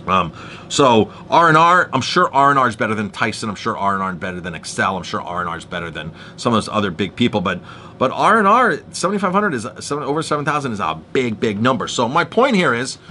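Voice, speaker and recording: A man's voice: mid-range voice, fast, a little hiss or hum. A man telling a heated story in a casual monologue, with many restarts, acting out the people he argued with. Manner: animated storytelling, restarts, acts out quoted exchanges.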